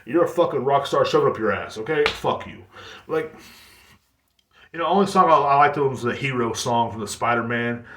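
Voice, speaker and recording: A man in his thirties rambles through a casual podcast monologue. He is blunt and profane, and his pitch sits right in the middle. The room around him is noticeably echoey. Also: moderate pace, a bit bright. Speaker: podcast host.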